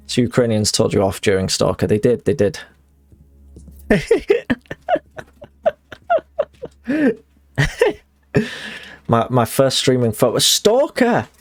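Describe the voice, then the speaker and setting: A young man streaming a game live and chatting as he plays, rambling and self-mocking with many restarts. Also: medium pitch.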